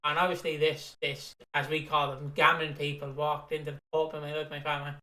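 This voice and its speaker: A man's voice: on the high side, flat delivery, brisk, hardly any pauses, sharp tone. A man co-hosting a podcast, telling stories in a rambling way with many fillers and casual swearing. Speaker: podcast co-host. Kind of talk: casual chat. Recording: roomy echo.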